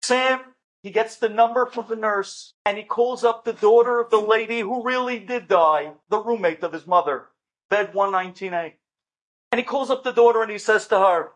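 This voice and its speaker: A man, a rabbi, telling a story in a lecture, animated and acting out the dialogue. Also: sits high, normal speed.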